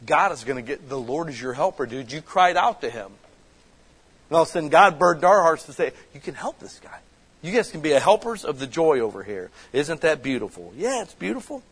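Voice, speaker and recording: A man's voice: fairly high pitch, big pitch swings, brisk, a bit bright, slightly rough, low-quality recording. A man preaching a casual, conversational sermon that builds to passionate emphasis as a church pastor. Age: adult with children.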